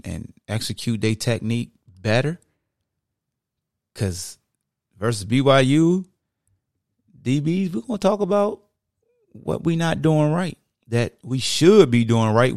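A man's voice: mid-range voice, vocal fry, a little mellow, no room sound, studio quality. A man hosting a podcast, talking casually into a microphone and acting out what fans say to him. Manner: conversational, acts out quoted fans. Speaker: podcast host.

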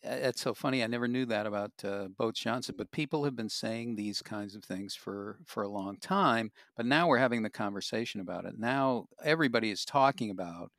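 A man in casual conversation, reflectively suggesting calming practices and mantras. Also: fairly low pitch, a little fast, few pauses, no echo, clean studio sound.

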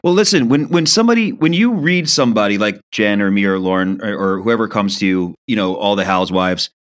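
A man's voice: lowish voice, lively intonation, fairly quick. A man co-hosting a casual podcast chat, asking follow-up questions curiously with some hesitant restarts.

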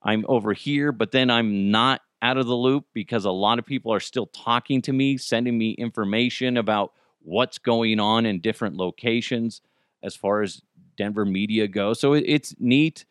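A man with a Cajun accent hosting a podcast, telling stories in a joking, profane, animated way. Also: fairly low pitch, normal speed, clear, resonant tone, dry recording, clean studio sound. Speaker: podcast host. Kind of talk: casual comedic monologue.

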